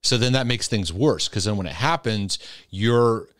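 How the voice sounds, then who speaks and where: A man's voice: fairly low pitch, moderate pace, no room sound, studio quality. A man hosting a talk, answering viewer questions in a casual, emphatic, conversational way. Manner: conversational, gets loud and emphatic then drops soft. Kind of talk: casual faith-based advice talk.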